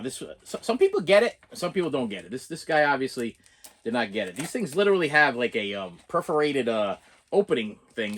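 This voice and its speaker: The recording carries a little hiss or hum as this Boston-accented man, a collector vlogger, speaks in a medium-pitched voice. He chats his way through an unboxing in a rambling, self-deprecating style with lots of restarts.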